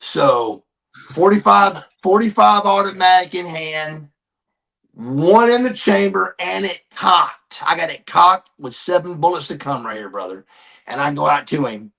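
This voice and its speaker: Gravelly man telling a story. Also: high voice, unhurried. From Georgia, USA. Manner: animated storyteller, calls listeners brother. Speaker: guest. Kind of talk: storytelling in a podcast interview.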